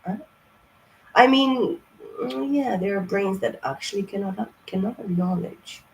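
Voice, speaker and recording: A woman's voice: lowish voice, creaky, a little mellow, a little hiss or hum, rough recording. Blunt, profane woman reading tarot. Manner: rambling, with many fillers. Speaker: tarot reader.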